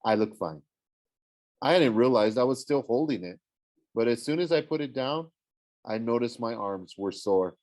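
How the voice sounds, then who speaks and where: A man narrating a first-person fantasy novel as an audiobook reader, in an even storytelling manner. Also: medium pitch, moderate pace, dry recording.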